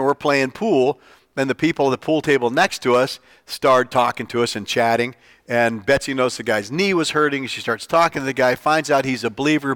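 A man preaching an informal sermon, telling stories, his voice leaping up when he gets excited and falling soft and low for earnest points. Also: no echo. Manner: animated, jumps up in pitch for quoted lines. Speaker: pastor.

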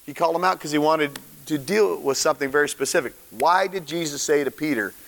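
A man preaching a sermon in a casual, animated storytelling way, using slang and acting out the characters. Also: fairly high pitch, a little fast, creaky, big-room sound. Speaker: pastor.

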